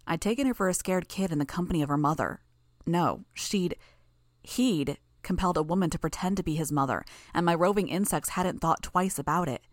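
A woman narrating a first-person audiobook in a steady, even storytelling manner. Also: on the low side, a little fast, no room sound, clean studio sound.

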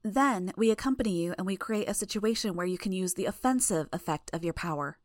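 A woman voicing a sly young female villain who talks quickly and teasingly in a dry recording. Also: mid-range voice, lively intonation, no room sound, natural voice. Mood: breezy.

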